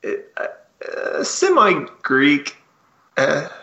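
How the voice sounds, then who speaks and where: Slow gravelly man, echoey room. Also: a little high, huge pitch swings, bright, forceful tone. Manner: hesitant, trails off. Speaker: podcast co-host. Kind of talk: casual chat. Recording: roomy, dull, with faint noise.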